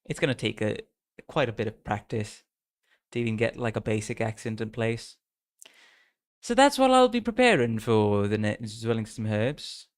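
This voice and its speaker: A man's voice: medium pitch, expressive, moderate pace. A young man from the Caribbean chatting casually and laughing at himself while streaming a game. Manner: chatty, self-mocking, laughs often.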